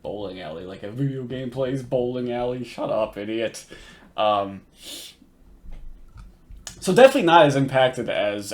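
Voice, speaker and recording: A man giving casual reaction commentary, rambling, swearing often and laughing at the clips he plays. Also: mid-range voice. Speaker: commentary host.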